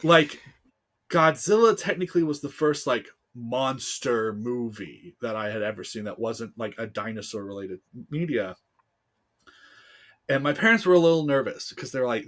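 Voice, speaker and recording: A speaker in his thirties with a man's voice, from the United States, talks as a podcast guest in a casual interview. He tells stories in an animated, heartfelt way, with plenty of fillers along the way. His voice sits at an ordinary middle pitch. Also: moderate pace. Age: 30s.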